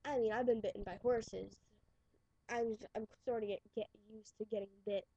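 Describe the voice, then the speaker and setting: A woman's voice: on the high side, fairly even intonation, normal speed, warm tone, breathy edge, no echo. A teenage girl with a New York accent, rambling casually into her webcam with many restarts. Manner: chatty, restarts and trails off. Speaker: webcam vlogger. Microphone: webcam mic. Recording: dull lo-fi webcam audio.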